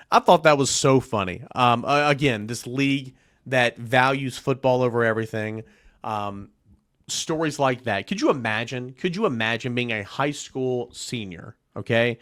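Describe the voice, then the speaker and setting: A man hosting a sports podcast, retelling a recruiting story in an animated way and acting out the quotes. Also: medium pitch, no room sound, clean studio sound. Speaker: podcast host. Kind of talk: casual sports podcast monologue.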